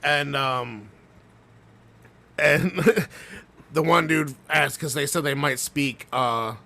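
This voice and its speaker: A man with a slightly high, creaky, sharp-toned voice speaks very slowly while co-hosting a podcast. He rambles through a story in casual, profane chat, swearing often and laughing along the way.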